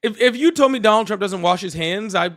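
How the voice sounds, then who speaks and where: A man's voice: high-pitched, expressive, brisk, a bit bright. A man hosting a live call-in stream, chatting casually with lots of "like" and "dude.". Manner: casual, laughing, says "dude" and "like" a lot. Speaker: host.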